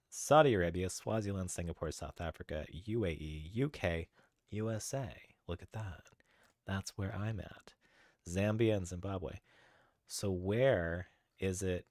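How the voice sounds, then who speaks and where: A man's voice: low voice, no room sound, clean studio sound. A man streaming live, chatting casually with viewers while coding and getting sidetracked. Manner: easily sidetracked, greets chatters by name; chatty, thinks aloud while searching.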